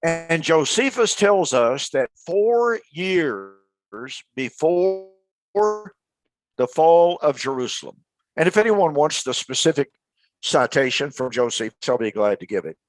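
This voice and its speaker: A man's voice: fairly high pitch, lively intonation, measured pace. A man co-hosting a casual Bible study show, retelling history with emphatic, dramatic storytelling. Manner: emphatic storytelling, builds to loud dramatic quotes. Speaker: co-host of a Bible radio show.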